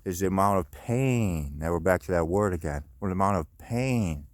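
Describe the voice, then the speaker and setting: A man's voice: low-pitched, animated, moderate pace, dry recording. A middle-aged man rambling on a phone vlog, swearing often and restarting his sentences. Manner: rambling, profane, lots of restarts and fillers. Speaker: vlogger. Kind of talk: casual rambling monologue. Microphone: handheld phone.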